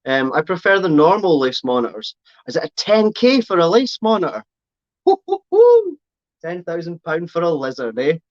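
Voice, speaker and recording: Give me a chatty man on a live stream, slightly high, recorded close and a bit muffled. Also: lively intonation, brisk, no echo. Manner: rambling, self-correcting, chatty. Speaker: reptile keeper streaming live. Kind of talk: casual live-stream chat reading comments.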